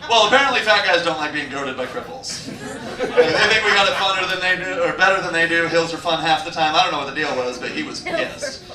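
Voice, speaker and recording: A young man with a high voice tells a crude, rambling stand-up story, padded with fillers. He sounds distant, caught in an echoey club with noise around him. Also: animated, brisk, a crowd in the background. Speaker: stand-up comedian. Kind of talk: stand-up comedy set. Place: comedy club stage. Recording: echoey room recorded from afar, noisy.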